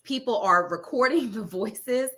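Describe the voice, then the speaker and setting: A bright, forceful woman's voice talks through a casual interview as a guest. She is frank and profane, laughs often and keeps dropping "like" as she explains herself. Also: fairly high pitch, unhurried. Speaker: radio personality and entertainment reporter, guest. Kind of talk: candid casual chat.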